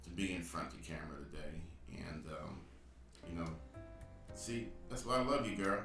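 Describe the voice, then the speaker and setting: A man's voice: deep voice, lively intonation, normal speed, vocal fry, echoey room, far from the mic, over music. A man co-hosting a live online show, teasing his co-host, laughing often and calling the viewers family. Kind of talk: casual chat, reading viewer comments.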